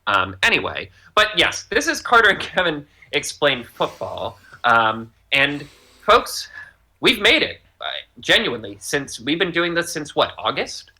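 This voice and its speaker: A man's voice: a little high, big pitch swings, moderate pace, pushed and bright. A man co-hosting a casual podcast, joking and rambling, and breaking into silly voices now and then. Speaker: podcast co-host. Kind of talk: casual chat.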